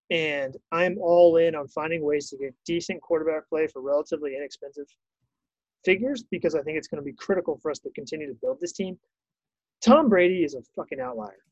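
A man's voice: on the high side, darkish tone, no room sound. Podcast co-host, male, blunt and casual, dull dry remote audio. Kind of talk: casual sports podcast chat. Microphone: wireless earbuds, then switched mic.

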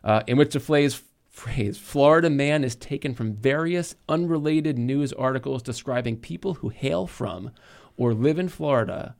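A man's voice: medium pitch, normal speed, creaky, darkish tone. A man in his forties with a New England accent, co-hosting a casual chat in a joking, rambling way. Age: 40s. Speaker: podcast co-host.

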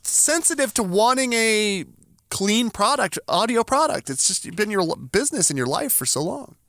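A man co-hosting a podcast, telling a story in an emphatic, animated way and acting out the voices of the people in it. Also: high-pitched, moderate pace, dry recording, studio quality. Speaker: podcast co-host. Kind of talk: casual chat, storytelling.

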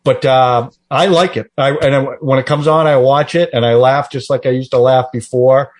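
A man's voice: mid-range voice, steady tone, moderate pace. A man in a casual group chat, earnest, often repeating and restarting his words. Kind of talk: casual chat about movies.

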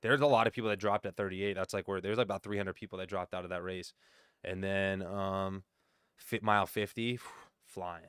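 Low, smooth-voiced man swearing casually. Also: steady tone, normal speed, fairly bright tone, no room sound, studio quality. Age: 30s. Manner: loose, profane storytelling. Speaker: podcast guest. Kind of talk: casual chat.

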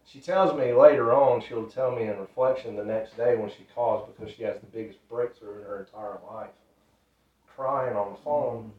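A man's voice: medium pitch, moderate pace. Man telling an earnest story from afar. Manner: earnest, repetitive, loose grammar. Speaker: ministry storyteller. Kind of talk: casual spoken testimony. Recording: roomy, distant, dull sound.

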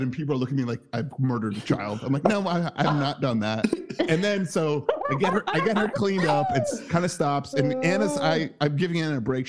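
Guy in his 30s telling a story on a podcast, laughs a lot, swears, jumps way up in pitch doing quotes. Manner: animated, acts out quotes with big pitch jumps; laughs through his stories, swears freely. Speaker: podcast co-host. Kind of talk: casual storytelling chat.

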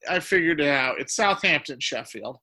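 Bright-voiced man giving blunt football takes. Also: a little high, lively intonation, moderate pace. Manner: blunt, wry opinions. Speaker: podcast co-host. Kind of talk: casual sports chat.

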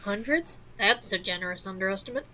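A woman's voice: medium pitch, very animated, a little fast, bright, forceful tone, voice pushed down. A woman voicing a sardonic female bartender with dry, cutting remarks. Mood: teasing.

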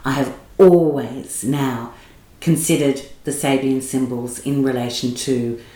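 A woman hosting an interview, asking measured, admiring questions. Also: a bass voice, steady tone, dark tone. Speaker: interviewer host. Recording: roomy echo.

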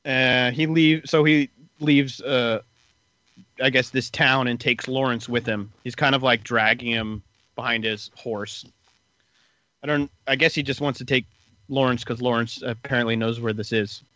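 Bright-voiced man rambling through a recap. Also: mid-range voice, moderate pace, no echo, highs cut off. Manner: relaxed, rambling retelling with many fillers. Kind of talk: casual podcast recap chat.

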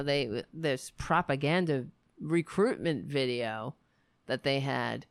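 A woman's voice: sits low, clear, resonant tone, dry recording. A woman hosting a casual late-night livestream from her computer mic, sarcastic and profane, sounding exhausted. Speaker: livestream show host. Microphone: desk mic at a computer.

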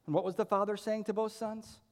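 High-voiced man preaching in a reverberant hall. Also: level tone, fairly quick, a little mellow. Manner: earnest and emphatic, uses repeated rhetorical questions. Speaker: pastor. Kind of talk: sermon.

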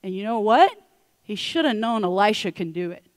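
Woman preacher, animated storyteller, casual slang, close dry mic. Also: mid-range voice, normal speed, no room sound. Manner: lively storytelling, acting out characters with casual slang. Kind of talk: sermon. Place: church.

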